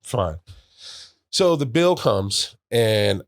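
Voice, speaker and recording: A man in his forties, from New York, telling a long profane story in a casual, animated way. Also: lowish voice, drawn-out words, dry recording, studio quality. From New York, USA. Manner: animated, profane, scat-filler asides. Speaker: guest, former football player.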